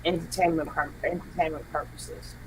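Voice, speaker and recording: A guest content creator in a casual livestream chat, talking emphatically and complaining in quick bursts. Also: mid-range voice, little pitch movement, noisy background.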